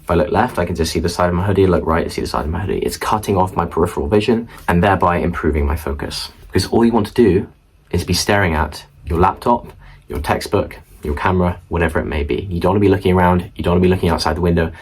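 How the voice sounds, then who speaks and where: Talking fast in a low, breathy voice, a young man casually shares study tips and chatty asides straight to camera. This student study vlogger records in an indoor room at home through a camera mic facing the viewer, and the audio is rough.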